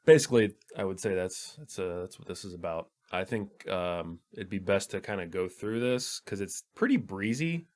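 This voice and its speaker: A man's voice: low voice, animated, moderate pace, few pauses. A young man co-hosting a casual film podcast, laid-back and rambling, swearing and laughing often. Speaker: podcast co-host.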